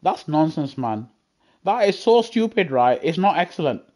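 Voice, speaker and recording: A man chatting casually on a gaming live stream through a headset, effusive and excitable as he gushes at his viewers. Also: on the high side, normal speed. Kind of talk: casual live-stream chat while racing.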